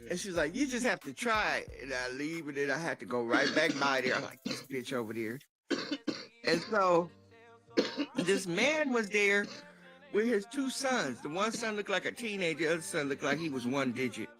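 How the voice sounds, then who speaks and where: A woman casually telling an animated, profane story. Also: sits low, moderate pace, faint music behind.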